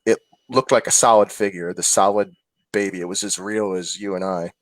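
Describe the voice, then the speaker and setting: Man, low pitch, co-host, casual chat, earnest and hesitant, dry close audio. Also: steady tone, fairly quick, no echo. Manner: earnest, hesitant personal storytelling. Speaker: podcast co-host.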